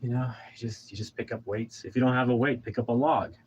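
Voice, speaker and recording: A man's voice: mid-range voice, steady tone, fast talker, darkish tone, lo-fi sound, slight background noise. A man in his thirties, out of breath from exercising, giving a pumped-up, rambling motivational talk. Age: 30s. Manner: pumped-up, preachy, rambling with restarts. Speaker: vlogger.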